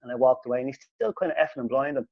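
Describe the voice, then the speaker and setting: Man, podcast host, animated sweary storyteller, mid pitch, dull recording. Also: very fast, dry recording. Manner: animated, sweary, voice jumps up when quoting himself. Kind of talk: casual storytelling.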